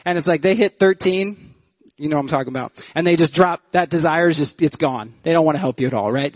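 A man's voice: fairly high pitch, fast. A man in his thirties, a worship pastor, telling funny stories in a sermon and bantering with the congregation. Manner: animated, joking, audience banter. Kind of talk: humorous sermon storytelling. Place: church sanctuary. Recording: muffled church hall reverb.

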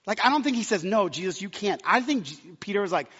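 A man's voice: high voice, expressive, fast talker, fairly bright tone, husky. A man preaching a sermon, impassioned and building to emphatic climaxes. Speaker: pastor. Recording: muffled sound with long hall reverb.

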